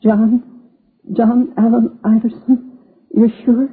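An actress playing a gentle, grieving mother in her sixties in a 1950s radio drama, soft-spoken and halting, with a creaky, husky voice. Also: a little high, little pitch movement, exaggerated voice. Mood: distraught. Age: 60s. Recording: tinny old radio broadcast.

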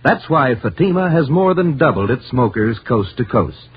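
A man reading a persuasive sales pitch on old radio. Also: lively intonation, moderate pace, highs cut off, slight background noise. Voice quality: upbeat, persuasive. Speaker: commercial announcer.

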